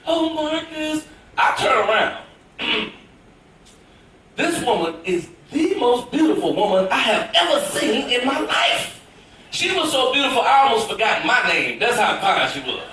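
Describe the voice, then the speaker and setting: A stand-up comedian, a man from Tennessee, tells a story with big animated emphasis in a high, bright voice. He is heard from far off in a very echoey theater. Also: a little hiss or hum. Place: cruise ship theater with audience. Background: audience laughter.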